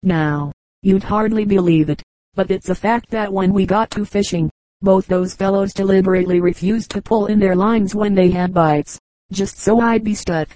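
A woman's voice: medium pitch, moderate pace, mellow, no echo, close to an everyday voice, low-quality recording. A woman voicing a grumbling middle-aged male fisherman who complains of his companions. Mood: aggrieved. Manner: complaining, aggrieved.

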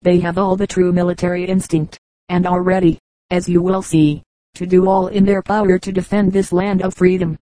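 Lady reading a showy bird trainer guy making a speech, low, even tone. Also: moderate pace, dry recording, close to an everyday voice, low-quality recording. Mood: grandiose. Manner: declaiming. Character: showman bird trainer, grand and theatrical man.

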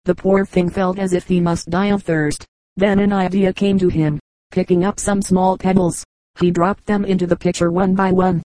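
Low, even-voiced woman reading fables. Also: no echo, rough recording. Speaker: audiobook reader. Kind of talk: storybook narration.

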